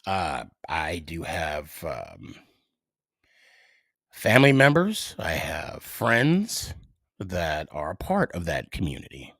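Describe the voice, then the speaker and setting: Lively-voiced man hosting a solo podcast. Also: low-pitched, slow pace, vocal fry, no echo, clean studio sound. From United States. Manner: hesitant, many fillers and restarts. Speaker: podcast host.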